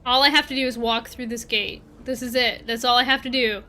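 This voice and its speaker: A woman with a high, lively voice chats her way through a game livestream. Her tone is bright and forward, and she rambles from one thought to the next while answering viewers aloud. The talk stays loose and casual. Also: brisk. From Canada. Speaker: streamer.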